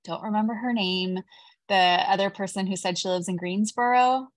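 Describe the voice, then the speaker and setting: A middle-aged woman from Texas, a guest author talking in a casual, animated, rambling way with many fillers. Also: medium pitch, normal speed, no room sound. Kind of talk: casual video-call interview.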